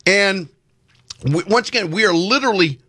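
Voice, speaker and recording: A man casually telling a long story on a podcast, animated and acting out the people in it. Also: high voice, moderate pace, no room sound, studio quality. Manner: animated, acts out voices, rising loudly when quoting himself.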